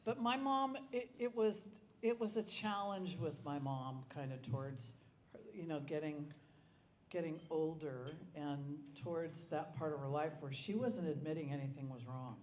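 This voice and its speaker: A middle-aged man giving a eulogy as personal stories, full of restarts and lively quoted dialogue. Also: a little high, normal speed, a little hiss or hum. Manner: rambling anecdotes with frequent restarts. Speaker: eulogy speaker. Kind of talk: personal storytelling at a memorial. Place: club hall. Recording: echoey hall with faint ambience.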